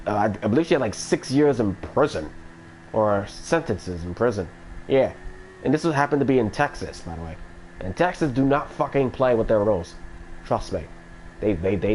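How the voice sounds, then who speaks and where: A man's voice: medium pitch, slight background noise, low-quality recording. A man chatting casually on a live stream, rambling with many restarts and frequent swearing.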